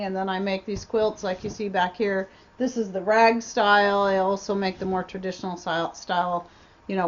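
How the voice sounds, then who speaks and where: A chatty woman answers viewer questions on her homestead livestream, rambling and restarting her sentences as she goes. Her voice sits at an ordinary middle pitch. The webcam audio sounds a bit dull. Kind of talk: casual livestream Q&A chat. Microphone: webcam mic.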